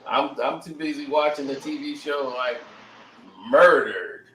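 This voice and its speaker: A man's voice: on the high side, unhurried, fairly bright tone. Guy chatting loose, laughs a lot, acts out quotes, sounds far off in an echoey noisy room. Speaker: co-host. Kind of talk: casual chat.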